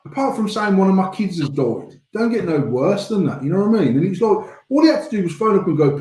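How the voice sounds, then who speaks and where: A man tells a rowdy workplace story, swearing freely and acting out both sides. His voice sits a little high for a man. The room around him sounds echoey and open. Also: fast, hardly any pauses. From England. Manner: swears a lot, animated storytelling. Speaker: podcast co-host. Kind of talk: casual chat.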